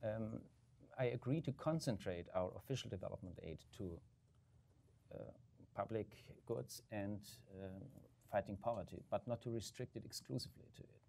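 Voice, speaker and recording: A man answering questions as a government state secretary on a panel, measured, with frequent ums and uhs. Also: fairly low pitch, creaky, a little mellow, slight background noise. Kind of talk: panel discussion remarks.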